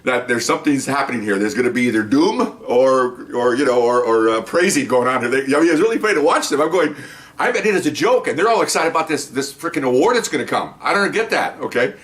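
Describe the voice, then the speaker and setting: A rapid-fire man spins a casual story on his own podcast. He rambles, doubles back, and jumps into lively voices for the people he quotes, all at a middling pitch. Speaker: podcast host, former police supervisor.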